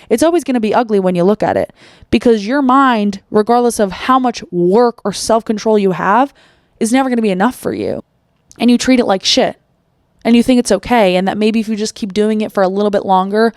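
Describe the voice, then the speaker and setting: A blunt woman hosting her own motivational podcast, cursing casually and firing off rhetorical questions. Her voice sits at an ordinary middle pitch and sounds dry and close to the mic, with no room around it. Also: moderate pace, a little mellow, dry recording. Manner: blunt, swears freely, asks rhetorical questions; acts out quoted inner voices. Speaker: podcast host. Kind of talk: solo motivational podcast talk.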